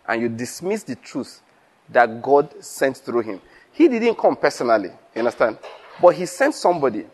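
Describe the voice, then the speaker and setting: A man's voice: medium pitch, a little fast. A man preaching to fellow pastors, telling stories and acting out conversations, laughing often. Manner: lively storytelling, acts out dialogue, laughs often.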